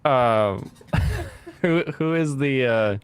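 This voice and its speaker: A man's voice: medium pitch, lively intonation, takes it slowly, clear, resonant tone, no room sound. A man hosting a casual online chat show, joking around and laughing often. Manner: jokey, laughs often, does silly voices. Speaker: host.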